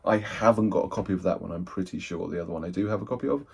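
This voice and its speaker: Gravelly low-voiced man. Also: rapid-fire. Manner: rambling, self-deprecating, thinking aloud. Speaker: book collector, channel host. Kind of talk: casual unboxing chat.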